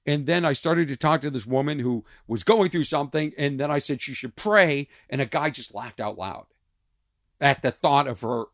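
A man hosting his own podcast, a comedian telling stories in an animated way and acting out exchanges. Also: mid-range voice, normal speed, no echo, clean studio sound. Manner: animated storytelling, acts out exchanges. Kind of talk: casual podcast monologue.

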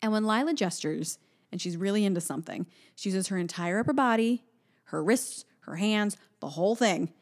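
Woman, podcast co-host, chatty storyteller, laughs a lot, middle pitch. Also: moderate pace. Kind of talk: casual chat.

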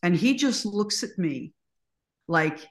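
A woman guest in an interview, telling stories in an animated, emphatic way. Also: on the low side, takes it slowly. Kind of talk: conversational storytelling. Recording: echoey room.

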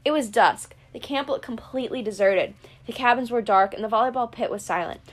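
A woman narrating a first-person audiobook with steady storytelling. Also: a little high, a little fast. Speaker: audiobook reader.

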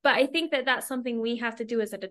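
A woman's voice: fairly high pitch, very fast, a bit bright. A woman hosting a casual podcast conversation, a mother who talks chattily with lots of fillers and frequent laughs. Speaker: podcast host; mother of a young child.

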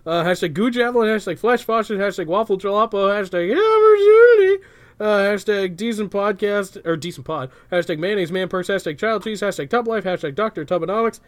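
A man's voice: high-pitched, a little fast, few pauses. A man co-hosting a podcast, reading listener hashtags aloud, laughing often and tripping over words. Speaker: podcast co-host.

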